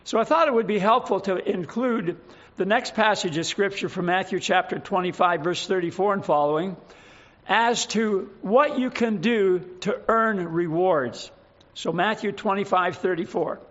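A male pastor delivers a sermon in a high voice, praying and reading scripture in a deliberate, measured way. The recording sounds a little muffled. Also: a bit bright. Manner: prayerful, measured, reading scripture in King James wording.

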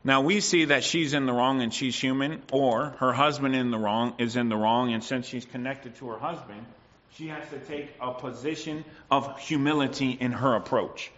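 A man's voice: medium pitch, fairly even intonation, moderate pace, a bit bright, dull audio. A man preaching a sermon to a congregation, often asking them for agreement and acting out quoted voices.

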